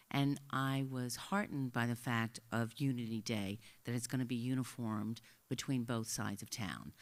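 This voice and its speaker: A woman speaking at public comment, earnestly asking the board questions. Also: extremely low pitch. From Great Neck, New York.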